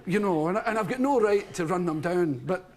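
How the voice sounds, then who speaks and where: A man's voice: high-pitched, animated, fairly quick. A Scottish man, a chat-show guest, telling a long rambling anecdote and laughing through it. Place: television studio.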